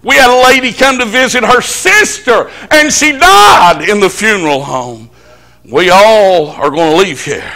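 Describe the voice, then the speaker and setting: A man's voice: high-pitched, very animated, unhurried, sharp tone. A man preaching at a church service, telling stories in a folksy, emphatic country way. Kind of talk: storytelling sermon.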